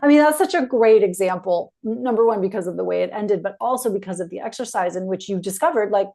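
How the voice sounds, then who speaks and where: A woman hosting a casual podcast interview, her voice carrying a gravelly edge. She affirms and encourages her guest in a mid-range tone. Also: medium pitch, fast, dark tone. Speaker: podcast host.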